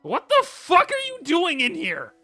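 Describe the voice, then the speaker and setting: A man doing a gruff, lonely kobold hermit. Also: fairly high pitch, sing-song, moderate pace, sharp tone, no echo, soft background music. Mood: brusque. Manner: brusque then awkwardly stammering. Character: lonely, rude male kobold hermit in a burrow. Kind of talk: tabletop role-play voice.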